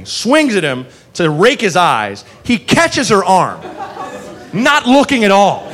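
A man doing stand-up comedy on a club stage, telling a profane story and acting out the characters in quick voices. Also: sits high, big pitch swings, a bit bright. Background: audience laughter.

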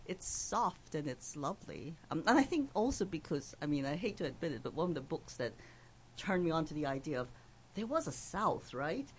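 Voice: mid-range voice, very animated, normal speed, a little hiss or hum. A speaker from outside the US talking reflectively in a panel discussion and laughing easily.

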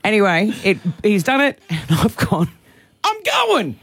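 A hoarse, husky woman, co-hosting afternoon radio and telling stories in a chatty, excitable way. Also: mid-range voice, moderate pace, dry recording. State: hoarse, nearly lost voice. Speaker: radio co-host. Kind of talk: casual radio banter. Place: radio studio. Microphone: studio mic.

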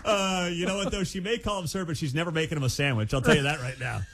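A man's voice: fairly high pitch, quick pace, fairly bright tone. A man co-hosting a morning talk radio show, bantering and telling stories in a playful way. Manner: storytelling, playful. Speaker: radio co-host.

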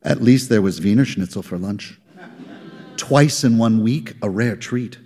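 A man giving a live literary reading with measured, dry storytelling, recorded live in a reverberant hall. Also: on the low side, a little mellow. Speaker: reader.

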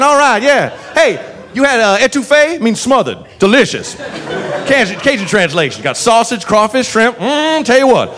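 A man's voice: very high-pitched, pitched above the performer's own voice. A man voicing a big, unflappable male cop with a folksy Southern accent and a cheerful drawl. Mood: chatty.

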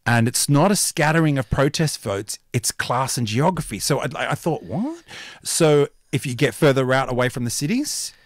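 A man in his fifties co-hosting a casual political discussion, animated and quick to jump in, often trailing off quietly at the ends of phrases. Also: medium pitch, dry recording, clean studio sound. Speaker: co-host.

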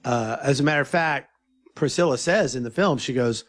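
A man's voice: medium pitch, normal speed. A man being interviewed about his film, telling stories in a casual, eager way and often quoting what others said. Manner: animated, eager storyteller who quotes others. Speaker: filmmaker guest.

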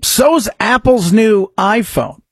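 A man hosting a talk radio show, chatting excitably and rambling about sports news. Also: sits high, takes it slowly, breathy edge, no room sound.

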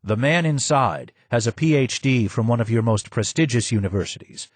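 A man's voice: medium pitch, expressive, normal speed, slightly rough, no echo. A man reading the part of a courteous male guide, speaking politely and formally.

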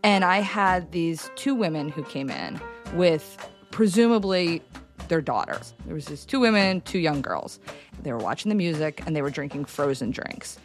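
A woman telling a personal story in an interview, animated and halting, acting out what people said. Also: sits low, faint music behind. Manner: animated, halting with restarts, acts out quotes. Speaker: storyteller guest.

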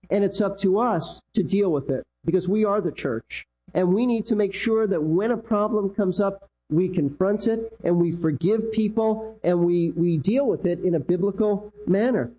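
Male pastor, emphatic sermon delivery, husky and mellow, repeats for emphasis. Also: poor audio. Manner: emphatic preaching, repeats key lines, pitch swings.

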